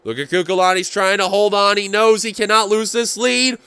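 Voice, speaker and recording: Excitable high-voiced male race commentator. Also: a little fast, smooth, dry recording. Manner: excitable, rises sharply at race finishes. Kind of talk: play-by-play sim racing commentary.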